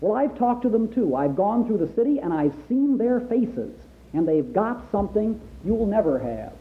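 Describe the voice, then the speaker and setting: A man's voice: high voice, very animated, normal speed, pitched above the performer's own voice. A man reading the part of an outspoken crewman who angrily defends the townspeople. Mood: indignant. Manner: outspoken, heated. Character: indignant young male crewman defending townsfolk. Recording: tinny phone-like sound.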